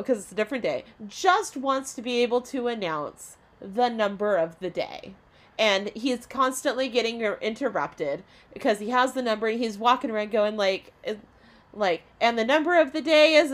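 A woman co-hosting a podcast, telling a story in casual chat, giggling often and acting out lines in a squeaky voice. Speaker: podcast co-host.

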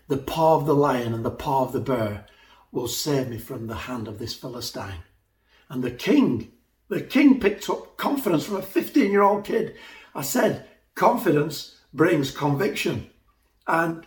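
Male preacher, lively sermon storyteller who voices the characters; slightly high, room echo. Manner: animated retelling with acted-out voices.

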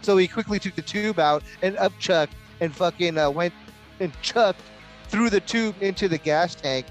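Casting note: man with a fairly high voice, crude joking banter, faint music behind. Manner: crude riffing, quick to agree. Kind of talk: casual profane banter.

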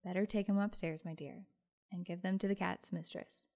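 A good-humored young husband, calm and dryly teasing, as a woman reads him in an audiobook. He offers easy advice with a gentle joke. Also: lowish voice, moderate pace, creaky.

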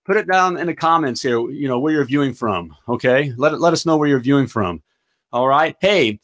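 An excitable man hosting a live plumbing business show, hyped up and stumbling over his words. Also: medium pitch, fairly quick. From United States. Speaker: host of a plumbing business livestream.

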